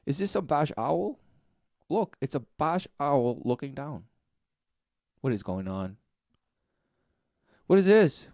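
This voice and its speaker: Mocking man with a gravelly voice. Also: a little high, expressive, takes it slowly, long pauses, darkish tone, no echo, studio quality. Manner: mocking, rambling, repetitive. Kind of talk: sarcastic commentary.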